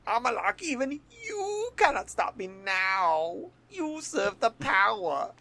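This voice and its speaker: A man's voice: extremely high pitch, big pitch swings, slow, vocal fry, bright, forceful tone, pitched above the performer's own voice, heavily acted. A man putting on the voice of a pompous male alien villain from a comic, hammy and theatrical. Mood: gloating.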